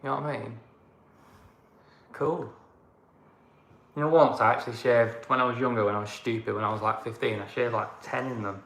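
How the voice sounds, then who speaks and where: Co-hosting a travel livestream, a Northern English man rambles in chatty, casual banter. His mid-range voice is a bit bright and fairly even, moving fairly quickly but broken by long pauses, in an echoey room with faint background noise.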